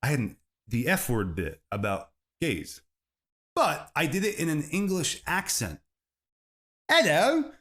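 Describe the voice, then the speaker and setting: Male comedy podcast host, solo rambling monologue, animated swoops in pitch. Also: unhurried. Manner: rambling, swerving into bits, laughs at own jokes.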